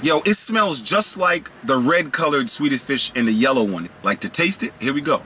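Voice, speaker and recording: A man's voice: mid-range voice, expressive, normal speed, pushed and bright, a little hiss or hum. A man casually reviewing snacks in a vlog, slangy and playful, riffing and rambling as he goes.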